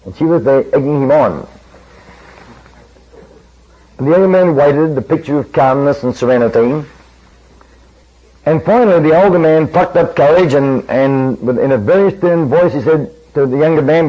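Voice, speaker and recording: A man's voice: a little high, lively intonation, normal speed. A man preaching a sermon, telling a story in earnest and acting out the quoted dialogue. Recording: dull lo-fi old recording.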